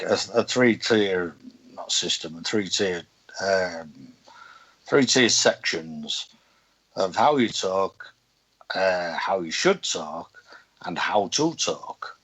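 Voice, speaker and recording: A man's voice: sits low, sing-song, slow, a bit bright, slightly rough, poor audio. A man with a Hull accent in casual conversation, speaking bluntly and outspokenly. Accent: Hull, Yorkshire. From Hull, England. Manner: blunt, outspoken, swearing freely. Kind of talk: casual chat.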